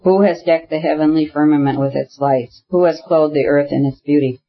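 A man voicing an elderly, good-natured priest who speaks in a hurried, customary recitative in a storybook reading. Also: fairly high pitch, steady tone, lo-fi sound.

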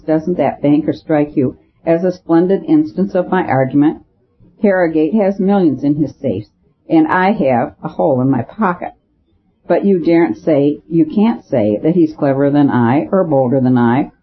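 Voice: mid-range voice, normal speed, husky, natural voice. A reader voicing a grave, boastful Italian courier. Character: ambitious Italian male courier in tweeds. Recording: tinny phone-like audio.

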